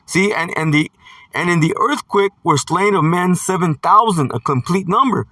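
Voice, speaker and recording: A man's voice: high-pitched, moderate pace, sharp tone, no echo, distant mic. A man preaching a scripture sermon, reading verses aloud and stressing points with "see" and "man". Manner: emphatic, punctuates with "see" and "man".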